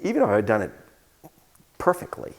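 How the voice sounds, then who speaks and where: A man's voice: lowish voice, huge pitch swings, fairly quick. A man, an author, talking onstage in a live conversation, telling stories with many false starts and restarts. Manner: rambling storyteller with many restarts. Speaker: author answering questions.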